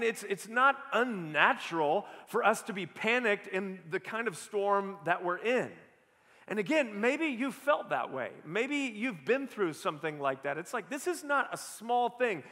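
Man preaching in a big auditorium: bright, forceful tone, earnest, pressing rhetorical questions. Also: sits high, long reverb tail. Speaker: pastor. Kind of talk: sermon.

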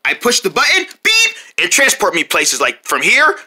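A woman's voice: mid-range voice, wildly swooping pitch, normal speed, bright, forceful tone, breathy edge, exaggerated voice. A woman voicing a snooty, clingy cartoon girl pig who gushes and teases in a singsong way. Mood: smug. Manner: gushing, teasing, singsong. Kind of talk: cartoon voice acting.

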